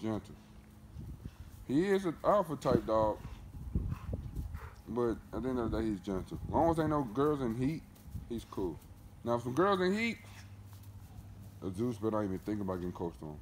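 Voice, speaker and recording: A man's voice: mid-range voice, sing-song, moderate pace, long pauses. A man vlogging casually about his dogs and thanking his viewers, in loose, profane street talk. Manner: talks to his dogs between remarks to viewers. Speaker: dog breeder vlogger. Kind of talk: casual vlog chat. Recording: noisy home recording with dogs around.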